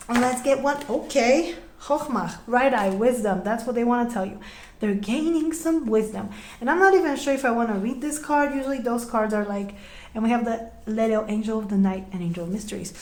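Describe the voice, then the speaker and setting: Young woman, high voice, chatty tarot reader in an echoey room, laughs a lot. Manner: chatty, laughs often, trails off and restarts. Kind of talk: casual tarot reading.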